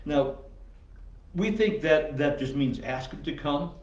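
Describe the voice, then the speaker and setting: A man's voice: on the high side, expressive, slow pace, roomy sound, far from the mic, muffled recording. A man preaching a casual sermon as pastor, with many fillers and quotes he acts out. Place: church sanctuary.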